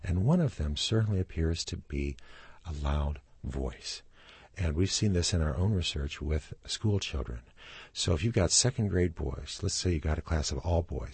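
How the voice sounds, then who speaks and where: A middle-aged man, a family doctor and author, explaining things as a guest on a radio interview and acting out quotes in a louder voice. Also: low-pitched, creaky, husky, no room sound. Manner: explanatory, acts out quotes with raised voice.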